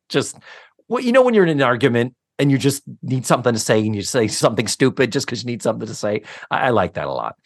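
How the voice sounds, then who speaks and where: A man co-hosting a podcast, casually recapping a sitcom episode in an animated, storytelling way with some casual swearing. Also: mid-range voice, brisk, no echo, clean studio sound. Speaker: podcast co-host.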